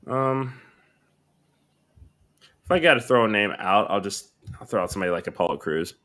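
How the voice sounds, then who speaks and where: Low-voiced man rambling about wrestling. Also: lively intonation, normal speed, fairly bright tone. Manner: rambling, thinks aloud with many restarts. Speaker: podcast co-host. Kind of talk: casual wrestling chat.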